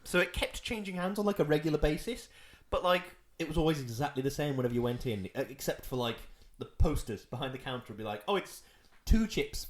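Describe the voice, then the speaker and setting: A man's voice: a little high, fast talker. A man co-hosting a podcast in casual chat, wry, often slipping into mock voices. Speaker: podcast co-host.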